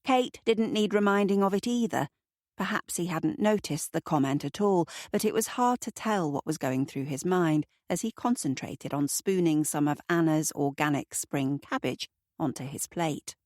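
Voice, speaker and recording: A woman narrates a novel in a steady, even way. Her voice sits on the low side, and the recording is close and completely dry. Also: a little slow, no room sound. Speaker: audiobook narrator. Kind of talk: scripted narration.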